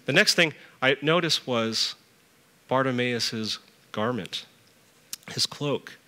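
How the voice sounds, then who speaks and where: A middle-aged man preaches a sermon in a bright, forceful voice. He tells stories along the way and lifts his pitch sharply on the points he wants to stress. His pitch sits mid-range for a man. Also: slow pace, long reverb tail. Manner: storytelling, lively rises in pitch for emphasis. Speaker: church elder preaching.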